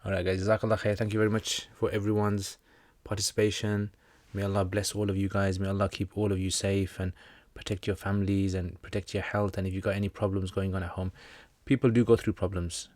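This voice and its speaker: A relaxed man with a fairly low voice hosts a casual livestream question-and-answer session. He reads out viewer comments and answers religious questions in an easygoing, joking way. The sound is dry and close, with no room echo. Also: brisk, few pauses.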